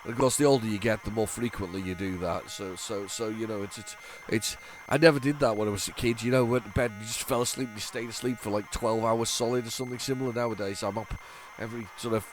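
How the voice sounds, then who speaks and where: A man's voice: lowish voice, fairly even intonation, fast talker, faint music behind. A tired middle-aged man, rambling and joking as he hosts a retro gaming video and keeps restarting his sentences. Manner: rambling, chatty, many restarts, sarcastic asides. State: tired, yawning. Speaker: retro gaming channel host. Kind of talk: casual commentary while loading games.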